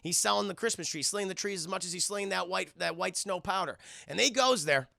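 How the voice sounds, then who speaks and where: A man recapping a film on a live stream in an animated, profane way, constantly talking to his chat. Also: high-pitched, fairly quick, creaky, dry recording, clean studio sound.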